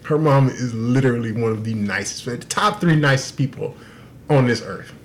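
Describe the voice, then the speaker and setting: A young man on a podcast, telling a story in an animated, profane way and laughing through the punchlines. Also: mid-range voice, moderate pace, slight background noise. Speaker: podcast co-host. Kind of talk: casual storytelling.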